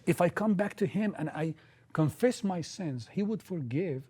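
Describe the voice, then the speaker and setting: A man preaching a sermon, emphatic, often repeating key phrases and sometimes halting and restarting. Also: sits high, expressive, warm tone, slightly rough.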